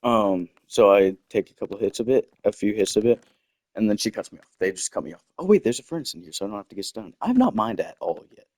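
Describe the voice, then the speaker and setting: A young man with a fairly low, slightly mellow voice tells a personal story casually over gameplay, talking fast and animated, rambling and often interrupting himself to comment on what he finds in the game. His desktop mic gives a sound with no echo.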